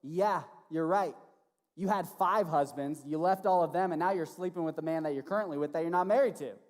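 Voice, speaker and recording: A man voicing Jesus as a calm, bold adult man, speaking plainly and directly in a sermon retelling. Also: very high voice, moderate pace, voice pushed up. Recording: long reverb of a large hall.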